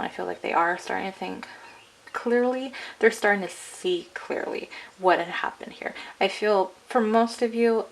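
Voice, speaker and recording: A woman with a fairly low, gravelly voice talks her viewers through a tarot reading. She rambles in a loose, chatty way, leaning on "like" and "I'm getting." The delivery stays casual and conversational. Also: low-quality recording. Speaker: tarot card reader.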